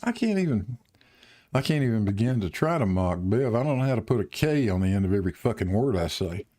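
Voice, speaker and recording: A man's voice: on the low side, expressive, brisk, dark tone. A man with a Southern US accent hosting a stream, talking casually and joking with fillers and restarts. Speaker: host of a live stream. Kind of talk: casual chat.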